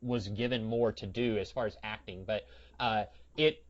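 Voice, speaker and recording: A man's voice: on the low side, steady tone, normal speed. Dry-humored man on a dull recording. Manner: dry, wry and rambling. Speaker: podcast co-host. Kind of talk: casual chat. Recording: dull lo-fi sound.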